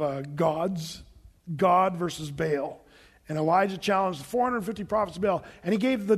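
A male pastor preaching a sermon, telling the story in an animated way with asides to the congregation. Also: sits high, gravelly, husky, long reverb tail.

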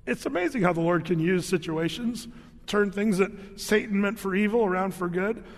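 A man's voice: high voice, moderate pace. A male pastor preaching a sermon. He tells the story with animation, acts out voices, laughs often and restarts his sentences. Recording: long hall reverb.

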